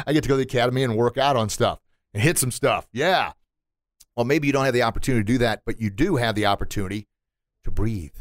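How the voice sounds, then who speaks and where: A man who runs a martial arts school, hosting a motivational podcast with an animated manner, acting out voices and laughing at himself. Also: medium pitch, dry recording, studio quality. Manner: animated, acts out quotes and sounds, laughs at himself.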